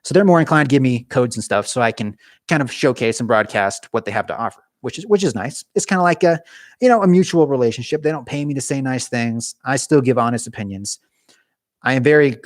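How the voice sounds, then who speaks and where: Medium-pitched and recorded with clean, echo-free studio sound, this young YouTube gaming host chats with viewers during a live stream. His manner is casual and animated, with lots of hand-talking and frequent restarts.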